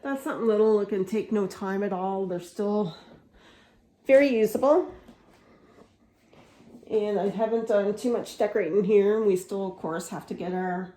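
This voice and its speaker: A woman's voice: medium pitch, moderate pace, long pauses, mellow. A woman in her fifties chatting in a rambling, casual way while showing her house, with many fillers and restarts. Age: 50s. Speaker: vlogger. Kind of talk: casual home tour chat. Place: inside a house.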